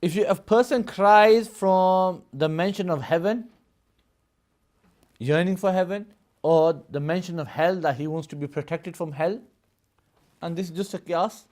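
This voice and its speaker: Speaking a little slowly in a high, darkish voice, a religious studies teacher works through a live classroom lesson. He explains at length, laughs frequently, and checks in with students using "Yes?" and "Yeah?"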